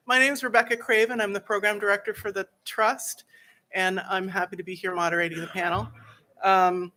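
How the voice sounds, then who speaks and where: Bright-voiced woman moderating a panel. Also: mid-range voice. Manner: friendly, with frequent fillers. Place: hotel ballroom conference session.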